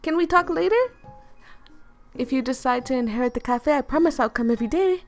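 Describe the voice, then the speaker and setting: Brief: woman doing a high, bubbly older shop lady, Jamaican British accent, friendly but cagey. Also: a little fast, faint music behind. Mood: flustered. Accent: put-on Jamaican British.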